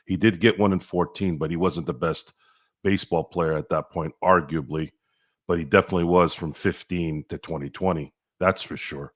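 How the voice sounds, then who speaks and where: A man with a very low, deep voice talks sports on a podcast. He is blunt and opinionated and doesn't mind getting crude. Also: steady tone, moderate pace. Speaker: podcast co-host. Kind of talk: casual sports chat.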